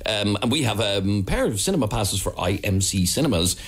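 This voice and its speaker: An Irish man hosting a radio show, reading out contact details in a lively presenter manner. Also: on the low side, a little fast, slightly rough. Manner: lively, sing-song presenter delivery. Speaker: radio host. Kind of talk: casual radio chat. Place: radio studio.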